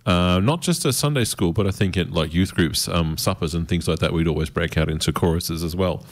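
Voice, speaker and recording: A man's voice: sits low, brisk. A man co-hosting a radio show, chatting casually and reminiscing with easy laughs. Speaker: radio co-host. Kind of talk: casual chat.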